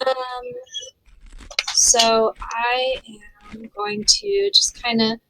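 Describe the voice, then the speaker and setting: A woman's voice: a little high, expressive, extremely slow, gravelly, bright, forceful tone, a little hiss or hum, poor audio. A woman playing a tabletop game, talking hesitantly and giggling as she describes her character's actions. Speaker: player. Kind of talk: casual play, speaking in character.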